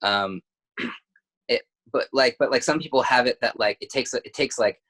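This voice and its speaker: A man in a casual spiritual chat, earnest and halting, piling up fillers. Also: medium pitch, a bit bright.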